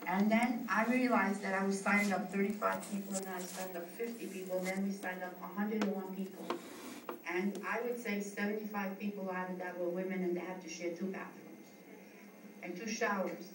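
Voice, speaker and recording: A woman's voice: mid-range voice, steady tone, a little fast. A middle-aged woman from the US East Coast, a yoga school founder giving a heartfelt, rambling tribute speech with frequent restarts. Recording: echoey room, distant mic, noisy.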